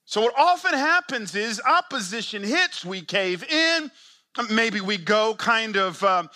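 Guy preaching hard to church planters, high piercing voice, lots of rhetorical questions. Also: very animated, moderate pace. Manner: emphatic, rhetorical questions, big swings in pitch and loudness. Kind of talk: sermon.

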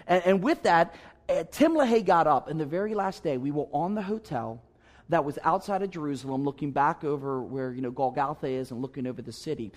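A male pastor preaching in a slightly raised, bright-edged register. He tells a personal story earnestly and conversationally, pressing his points home with emphatic asides to the congregation. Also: a little high, expressive, fairly quick. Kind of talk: sermon storytelling.

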